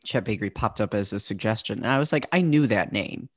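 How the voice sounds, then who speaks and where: A man's voice: fairly low pitch, lively intonation, dry recording, studio quality. Opinionated man joking in casual chat. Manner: opinionated, joking, quick asides. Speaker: podcast co-host.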